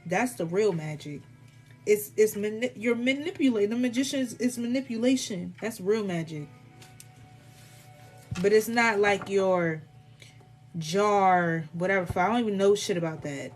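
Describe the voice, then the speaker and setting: A woman's voice: medium pitch, moderate pace, darkish tone, faint music behind. A woman doing a casual live tarot reading, talking in a blunt, rambling way full of swearing. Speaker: tarot reader.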